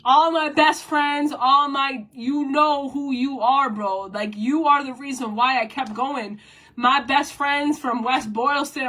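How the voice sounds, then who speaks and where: A young woman talks to camera in a high voice. Her rambling vlog is blunt and emphatic, full of swearing. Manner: blunt, profane, animated and emphatic. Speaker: vlogger.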